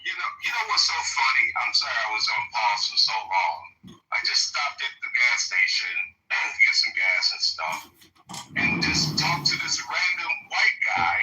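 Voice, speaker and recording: Animated man on a roomy, distant line. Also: fairly low pitch, normal speed. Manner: animated storytelling, profane. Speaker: caller. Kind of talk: casual live-stream chat. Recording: roomy, distant phone audio with faint hiss.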